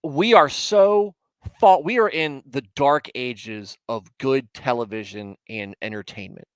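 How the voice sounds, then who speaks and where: A man's voice: mid-range voice, animated, unhurried, smooth, no echo. A man hosting a casual livestream, chatting with viewers in a rambling, self-mocking way with mock indignation. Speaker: livestream host.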